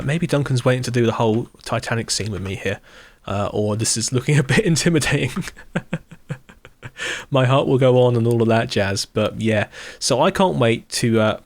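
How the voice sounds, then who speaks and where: A man's voice: mid-range voice, dry recording. Upbeat man touring a game server. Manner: enthusiastic, rambling, chuckles often. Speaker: YouTuber touring his creative game server. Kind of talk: casual gameplay walkthrough commentary.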